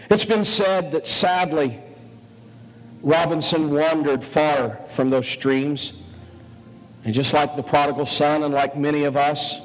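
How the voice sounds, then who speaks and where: A male pastor delivers a sermon at a slow, deliberate pace, his voice sitting a little high for a man. He pleads earnestly in short, paused phrases. The sound carries a long hall reverb, with soft music underneath. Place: large auditorium.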